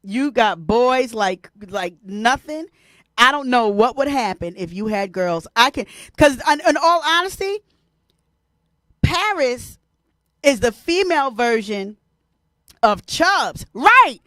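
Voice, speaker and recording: Woman, host, animated casual chat, wide-ranging pitch. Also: takes it slowly, no room sound, studio quality. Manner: animated, laughs often, talks to viewers by name. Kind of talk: casual live-stream chat.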